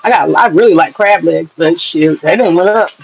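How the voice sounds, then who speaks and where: A woman's voice: on the low side, moderate pace, vocal fry, dull audio, slight background noise. Woman, casual cooking vlog, chatty, swears freely. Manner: chatty, profane storytelling. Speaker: cooking vlogger.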